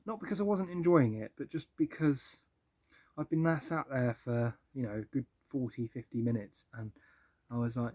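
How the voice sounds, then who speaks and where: A man's voice: medium pitch, moderate pace, dark tone, no echo. A young man, chatting casually and enthusiastically as a music vlogger, with many ums and likes. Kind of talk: casual album-ranking talk.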